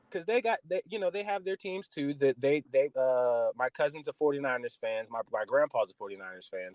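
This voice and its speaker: This podcast host, a West Coast American man, tears into football with plenty of cursing and lots of energy. He speaks at a medium pitch, and there's no room sound on the recording. The talk is loose, casual sports chat.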